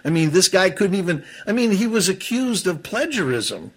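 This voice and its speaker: A man's voice: sits high, sing-song, moderate pace, husky. A man giving heated political commentary on a talk show, often stumbling and restarting his sentences as he gets worked up. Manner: heated, stumbles and restarts, self-described seething.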